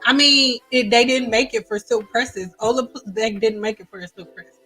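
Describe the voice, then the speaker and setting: A woman's voice: fairly high pitch, steady tone, moderate pace, sharp tone, slightly rough, soft background music. A woman hosting a casual live stream about hair, chatty, blunt and joking.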